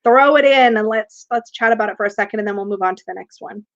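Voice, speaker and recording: Chatty lady doing a tarot live stream, kinda high voice, dull lo-fi sound. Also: quick pace, a bit bright. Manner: chatty, laughs often, reads viewer comments aloud. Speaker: tarot reader and livestream host. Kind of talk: casual livestream chat. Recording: dull lo-fi livestream audio.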